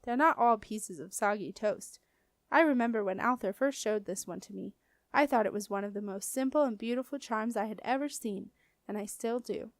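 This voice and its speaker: A woman reading a storybook and voicing a stern but proud female wizard who speaks crisply and commandingly. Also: on the high side, moderate pace, dry recording, clean studio sound, close to an everyday voice. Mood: fond.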